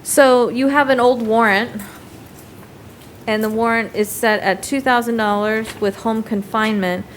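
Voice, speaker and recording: A woman presiding as a judge in a courtroom, reading out bail conditions in a brisk, procedural way and spelling them out slowly. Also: on the high side, fairly even intonation. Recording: faint room noise, heater.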